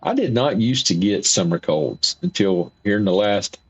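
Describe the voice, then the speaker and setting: A livestream host chats in a rambling, folksy way, reading viewer comments and repeating himself. His fairly low, slightly rough voice has lively intonation and a moderate pace. The stream audio is dull and lo-fi.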